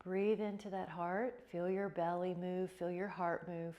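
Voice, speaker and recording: A woman teaching a yoga class, giving calm, encouraging cues with repeated prompts to breathe. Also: on the low side, unhurried, dull audio. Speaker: yoga instructor. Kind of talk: guided yoga class instruction.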